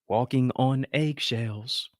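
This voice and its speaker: A man's voice: mid-range voice, slow, no echo, studio quality. A man giving a preaching-style motivational talk, full of rhetorical questions and call-and-response, slipping into playful voices of other people. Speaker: motivational speaker.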